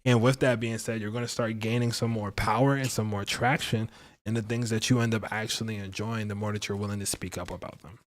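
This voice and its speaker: A man hosting a livestream tarot and astrology reading in a casual, chatty way, joking at his own expense and filling pauses with "like" and "um". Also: on the low side, steady tone. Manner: chatty and playful, laughs at himself, many fillers.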